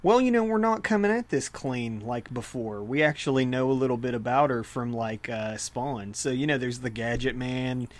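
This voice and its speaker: A man's voice: mid-range voice, moderate pace, hardly any pauses. A man hosting a podcast, telling goofy stories in casual chat and laughing often. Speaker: podcast host.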